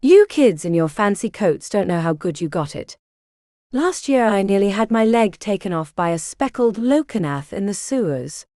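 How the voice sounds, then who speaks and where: A woman's voice: medium pitch, big pitch swings, normal speed, mellow, no room sound, clean studio sound, lightly acted. Woman voicing a blustering burly Boston workman. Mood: boastful. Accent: thick Boston. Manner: boastful, grumbling. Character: burly blustering male electrician patient.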